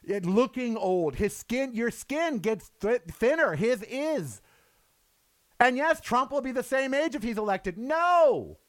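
High-voiced angry ranting man. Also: very animated, slow, no echo. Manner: angry, profane, swinging between loud outbursts and low weary asides. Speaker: show host. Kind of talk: impassioned political rant.

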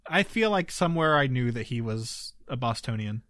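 A man's voice: mid-range voice, lively intonation, normal speed, fairly bright tone, dry recording, studio quality. A man co-hosting a casual chat, telling stories in a conversational way and laughing often. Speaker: podcast co-host.

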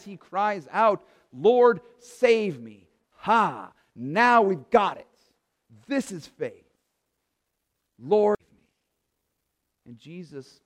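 A man preaching a sermon as pastor, earnest and building emphasis through repetition. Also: sits high. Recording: reverberant hall.

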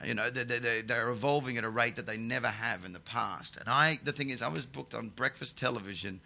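A man and comedian talking casually, animated, with stammering restarts. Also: medium pitch, fairly quick, gravelly. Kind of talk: casual conversation.

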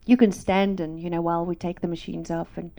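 Woman preaching her testimony, hushed then emphatic. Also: on the low side, flat delivery, fairly quick. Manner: drops to hushed whispers, then rises to emphatic repetition. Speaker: Christian speaker giving a testimony. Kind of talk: emotional testimony sermon.

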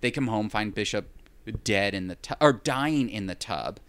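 A man's voice: on the low side, expressive, moderate pace, fairly bright tone. A man in casual chat, recapping a film in a rambling way with wry, sarcastic asides.

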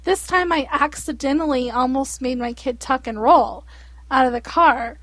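A woman in her thirties telling an everyday story in casual chat, animated and acting out quotes. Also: high voice, moderate pace, no room sound.

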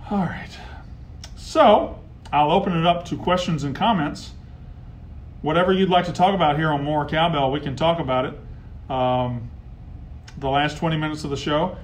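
A man hosting a casual live sports talk stream, heckling rivals and getting loud when riled. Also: a little high, steady tone, normal speed. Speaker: sports show host.

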